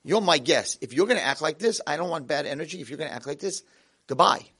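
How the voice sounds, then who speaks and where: Cheerful old gentleman, kindly and coaxing, voice lifted a little above normal, played by a male speaker. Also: high-pitched, big pitch swings, moderate pace, husky, pitched above the performer's own voice, exaggerated voice. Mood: firm.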